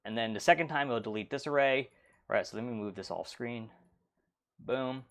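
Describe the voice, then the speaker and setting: A man's voice: medium pitch, moderate pace, fairly bright tone. A man teaching a programming lesson in a casual, loose way, full of fillers and playful sound effects. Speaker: instructor. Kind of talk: casual whiteboard lecture.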